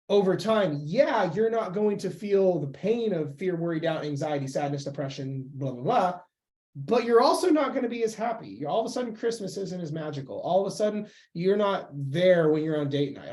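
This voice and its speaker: A young man talking as a podcast guest and weight-loss coach, emphatic and animated in casual conversation. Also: sits high. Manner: emphatic, animated, acts out quoted voices.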